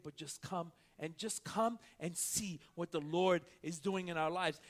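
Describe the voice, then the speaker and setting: A male pastor preaching a sermon with a very high, bright, forceful voice. He tells stories with quick back-and-forth dialogue, then swings from quiet asides to loud preaching.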